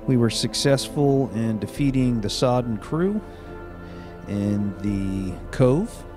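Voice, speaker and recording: Congested guy narrating his game run, kinda low voice, laid back and rambly, soft game music underneath. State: congested, stuffed up from a cold. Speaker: gaming video host. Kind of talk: let's play commentary.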